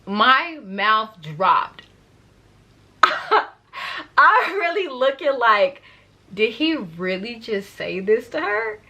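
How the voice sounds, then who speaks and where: A young woman telling a story to her viewers in a chatty, animated way. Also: a little high, slow pace. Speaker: vlogger. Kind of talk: story time vlog.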